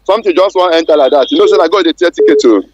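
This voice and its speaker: A man's voice: fairly high pitch, rapid-fire, lo-fi sound. A Nigerian man calling a sports radio show, ranting in an irate, insistent way. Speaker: caller. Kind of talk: heated phone-in rant.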